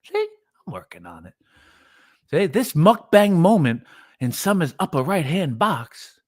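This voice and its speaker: A man's voice: a little high, very animated, measured pace. A man co-hosting a casual livestream, joking and rambling, who keeps slipping into mock announcer voices for made-up sponsors.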